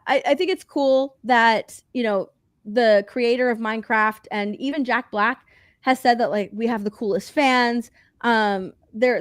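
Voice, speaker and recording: Woman podcast co-host, bubbly and chatty, a touch high, dry mic. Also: no echo. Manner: chatty, excitable, many fillers. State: hiccups. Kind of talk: casual chat.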